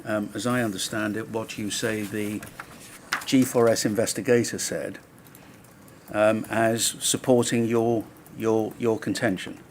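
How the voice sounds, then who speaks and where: Counsel pressing a witness, low voice. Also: male voice, fairly even intonation, slight background noise. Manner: measured, probing, pressing follow-up questions. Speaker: inquiry counsel questioning a witness. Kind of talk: formal cross-examination. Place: public inquiry hearing room.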